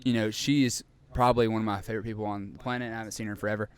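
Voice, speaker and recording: Animated young man telling stories. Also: fairly low pitch, rapid-fire, clear, resonant tone. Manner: animated storyteller, acts out scenes, laughs often. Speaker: podcast co-host. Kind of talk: casual chat, storytelling.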